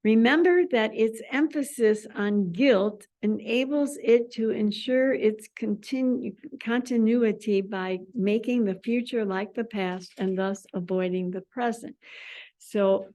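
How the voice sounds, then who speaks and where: A woman leading a spiritual study class, talking in an animated way and repeating words as sound effects. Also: fairly high pitch, a little slow. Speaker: class leader.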